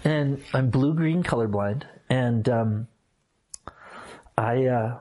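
Middle-aged man, husky voice, earnest, halting, reflective storytelling, interview guest. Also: mid-range voice, dark tone. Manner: earnest, halting with many restarts and fillers. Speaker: former minister, interview guest.

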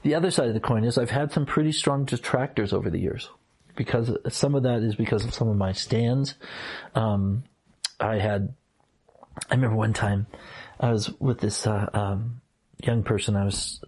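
A middle-aged former minister speaks earnestly and reflectively. He often stops and restarts his sentences. His voice is slightly husky. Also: fairly low pitch, darkish tone. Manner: earnest, halting with many restarts and fillers. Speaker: former minister, interview guest. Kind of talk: reflective personal storytelling.

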